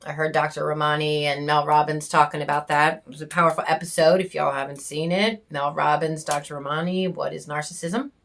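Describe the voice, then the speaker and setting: A homesteading vlogger, a woman, giving a raw personal reflection to camera, candid and heated, swearing often and pausing as she searches for words. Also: deep voice, flat delivery, creaky, fairly bright tone. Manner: bitter and angry.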